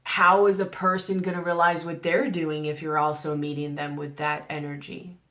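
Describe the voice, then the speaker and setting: A woman's voice: low voice, level tone, normal speed, a bit bright. A woman giving a general tarot reading to camera, earnest and coaxing, asking the listener one rhetorical question after another. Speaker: tarot reader.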